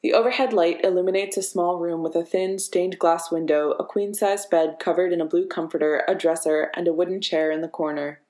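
A woman narrating a story in a steady, measured reading voice. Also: lowish voice. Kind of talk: audiobook narration of fiction. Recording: echoey room.

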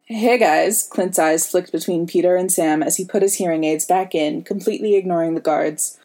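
A woman narrating a fan fiction audiobook in a calm, even storytelling voice. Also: lowish voice, brisk. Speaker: audiobook reader.

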